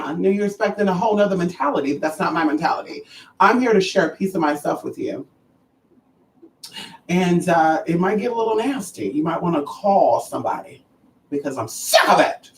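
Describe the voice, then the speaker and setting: Sassy livestream host, profane and animated, echoey room, mic set far off. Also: medium pitch, a little fast. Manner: sassy, animated, profane, calls listeners honey and girl. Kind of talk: casual livestream chat to viewers. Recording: roomy and distant from the mic.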